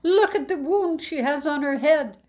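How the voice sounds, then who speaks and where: Lady playing a shrill young trickster guy, all worked up, storybook read-aloud. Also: normal speed, natural voice. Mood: frantic. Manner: shrill, excited shouting. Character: frantic young peasant man, sly trickster.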